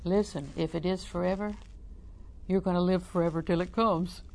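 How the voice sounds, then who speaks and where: An older woman teaching a sermon through personal stories, talking conversationally and often dropping to a soft, near-whispered voice. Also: on the low side, steady tone, moderate pace, creaky. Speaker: Christian teacher.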